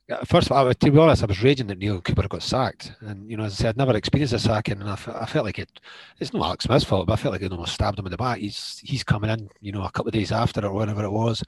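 A middle-aged Scottish man, a former footballer, telling stories in a lively way, acting out what others said and laughing along. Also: fairly low pitch, fast talker, husky, dry recording. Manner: animated, acts out quoted dialogue, laughs often. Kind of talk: storytelling anecdotes in conversation.

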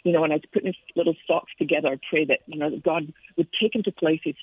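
Over a tinny phone line, a middle-aged Scottish woman, a Christian author and speaker, guests on an interview and earnestly tells reflective personal stories about faith. Her deep voice is steady and fast with a breathy edge, and there's no room sound.

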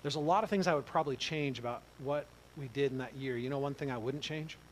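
A middle-aged pastor, preaching in a conversational storytelling way, dropping to quiet asides and rising to loud exclaims. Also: male voice, medium pitch, fast talker, a little hiss or hum, rough recording. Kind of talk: storytelling sermon.

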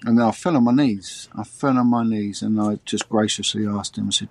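A middle-aged man, a former detective telling a personal story in an interview, halting and repeating his words. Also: fairly low pitch, fairly even intonation, darkish tone, no room sound. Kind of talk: emotional personal testimony.

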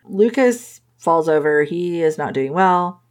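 A woman's voice: lowish voice, lively intonation, takes it slowly. A woman casually retelling a romance novel's plot, laughing often and playfully quoting the characters. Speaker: book reviewer recapping a romance novel.

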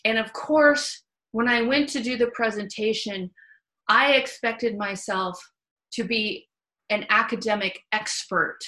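A woman hosting a casual, candid conversation, telling stories in an animated way with the odd swear word. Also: on the high side, measured pace, poor audio. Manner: animated, candid, salty storytelling. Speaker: host. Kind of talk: casual chat.

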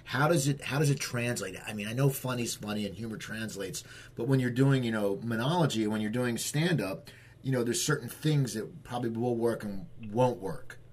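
A man's voice: medium pitch, moderate pace, a little hiss or hum. A man, a comedian hosting an interview, asking loose questions in a casual, conversational way.

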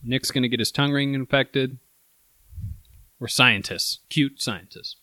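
A laid-back man tasting candy with a friend in casual chat. He has a mid-pitched voice and drops dry little jokes. The recording is close and dry. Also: measured pace, sharp tone, no echo.

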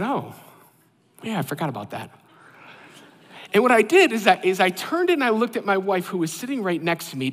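High-voiced pastor preaching in a reverberant hall. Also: male voice. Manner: self-deprecating storytelling, animated. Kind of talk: sermon with personal story. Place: church sanctuary.

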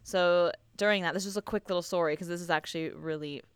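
A woman's voice: on the low side, fairly even intonation, quick pace, clear, resonant tone, dry recording. A young American woman co-hosting a podcast, chatting casually and rambling with lots of fillers and giggles. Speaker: podcast co-host.

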